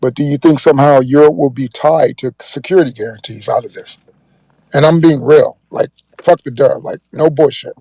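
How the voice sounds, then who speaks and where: A man's voice: mid-range voice, moderate pace, vocal fry, dark tone, no echo, rough recording. A man on a live debate panel putting a blunt, profane question to a guest.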